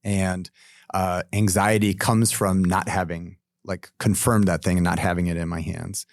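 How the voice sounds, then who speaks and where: Pastor, man, deep and earnest, reflective podcast talk, dry room. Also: level tone, moderate pace, creaky, no echo. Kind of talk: casual podcast discussion.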